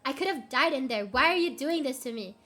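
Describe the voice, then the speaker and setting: A woman's voice: high-pitched, expressive, a little fast, fairly bright tone. A woman voicing a self-pitying teenage girl in a game, talking in a whiny, defensive way. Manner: defensive, whining.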